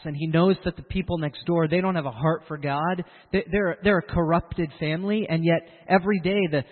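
A man preaching a sermon in an animated way, acting out the voices of the people he quotes. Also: on the high side, big-room sound, narrow, tinny audio.

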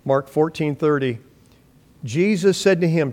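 A male pastor delivers a sermon with a slightly high-pitched voice. He reads scripture aloud and slips into acted voices for its figures, often restarting his words as he preaches. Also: measured pace. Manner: animated preaching, acting out voices, frequent restarts.

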